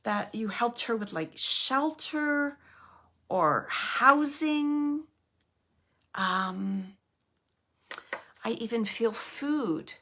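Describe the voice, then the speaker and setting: During a live reading, this woman, a psychic medium, sounds bright, tense and fairly high-pitched, with plenty of expression. Her speech stumbles along through lots of fillers as she gropes for words, occasionally sinking into a whisper.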